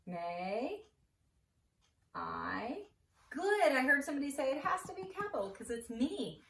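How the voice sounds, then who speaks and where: A woman teaching a spelling lesson to a class, slowly sounding out letters and syllables. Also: high-pitched, very animated, creaky, a bit bright. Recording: roomy, distant mic with faint noise.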